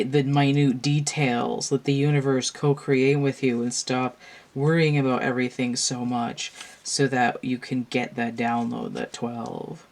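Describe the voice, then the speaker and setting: A tired, yawning woman reading tarot cards to a camera at home, musing aloud and meandering with restarts in a casual monologue. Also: a bass voice. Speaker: tarot reader.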